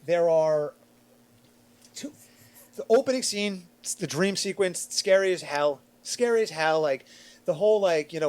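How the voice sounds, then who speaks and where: Animated middle-aged man telling stories. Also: measured pace. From Long Island, New York. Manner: animated, acts out quotes with big swings in pitch and loudness. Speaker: podcast panelist. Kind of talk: casual storytelling chat.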